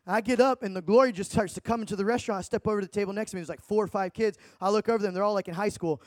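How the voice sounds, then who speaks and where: A young man, an evangelist, excitedly telling testimony stories in slangy talk, laughing now and then. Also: sits high, rapid-fire, no room sound, studio quality. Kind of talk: energetic testimony storytelling.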